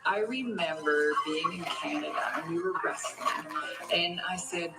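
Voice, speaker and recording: A woman's voice: fairly low pitch, a little slow, gravelly, low-quality recording. A woman interviewed for a documentary, talking bluntly and frankly, with casual swearing. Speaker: former wrestler interviewed in documentary. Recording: documentary audio with music underneath.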